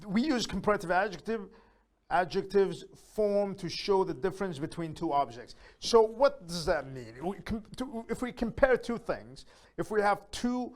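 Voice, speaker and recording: A man teaching a beginner English lesson, patiently explaining step by step and slowly repeating each word aloud so learners can copy it. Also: high-pitched, expressive. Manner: slow, repeats words aloud to model pronunciation.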